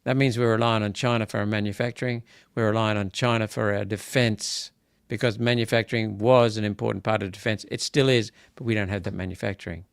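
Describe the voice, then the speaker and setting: On the low side and gravelly yet smooth, this Australian senator's voice runs fast and steady with hardly any pauses. Hosting a live political commentary, he talks casually, repeats himself, and grows indignant until he bursts out emphatically. Studio quality, no room sound.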